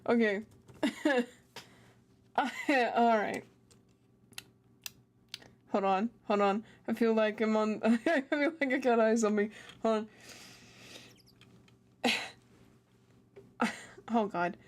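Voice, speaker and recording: A woman's voice: on the high side, extremely slow, long pauses. A woman streaming a game, giggly and self-deprecating as she reads the lines aloud. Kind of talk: let's play commentary.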